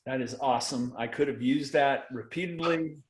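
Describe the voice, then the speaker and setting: A man's voice: mid-range voice, normal speed, roomy sound, poor audio. A man hosting a podcast interview, reacting with enthusiasm and affirmation in casual chat. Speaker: podcast host.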